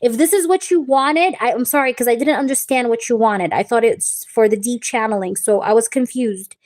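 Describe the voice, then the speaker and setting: A young woman reading tarot live, chatting warmly with viewers and calling them babe and baby girl. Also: a little high, a little fast. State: recovering from a wisdom tooth removal. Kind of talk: live-stream chat with viewers.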